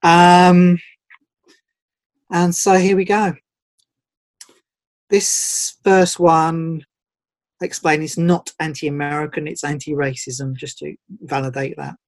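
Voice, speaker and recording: A man from England with an English accent, reading his own rhyming poems aloud on a video call, with a steady rhythmic delivery. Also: fairly high pitch, slow, pauses often, no room sound. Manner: rhythmic rhyming recital, shifting from solemn to playful. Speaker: poet at an online open mic. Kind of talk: spoken word poetry reading.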